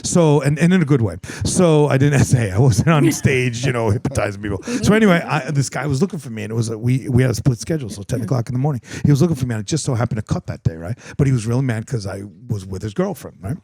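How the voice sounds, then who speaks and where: Gravelly, swearing middle-aged podcast host. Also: male voice, mid-range voice, quick pace, hardly any pauses. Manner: animated, profane, rambling storyteller. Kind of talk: casual podcast storytelling. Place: podcast studio. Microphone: studio mic with headphones.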